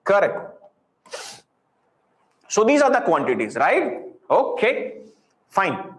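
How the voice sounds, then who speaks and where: A man's voice: high voice, huge pitch swings, takes it slowly, fairly bright tone. A man with an Indian English accent teaching physics in a live online class, encouraging and full of repeated praise, dropping into Hindi. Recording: roomy echo.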